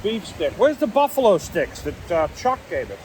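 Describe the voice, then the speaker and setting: A man's voice: sits high, very animated, normal speed, darkish tone, slight background noise, low-quality recording. A man hosting a casual outdoor prospecting vlog, talking in an easygoing, rambling, folksy way at a dig site. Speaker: gold prospecting vlogger.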